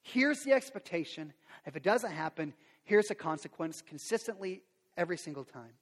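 A middle-aged man preaching a sermon as a pastor, animated, acting out quotes and sound effects. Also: sits high, moderate pace. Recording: long reverb of a large hall.

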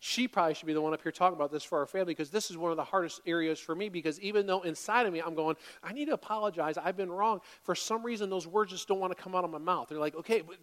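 A man delivers a sermon from the pulpit of a church, his voice sitting high for a man. He moves between plain teaching and animated, louder acted-out apologies as he makes his points. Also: very fast, hardly any pauses, long reverb tail. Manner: animated, acts out quoted apologies in a raised voice. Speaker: pastor. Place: church sanctuary.

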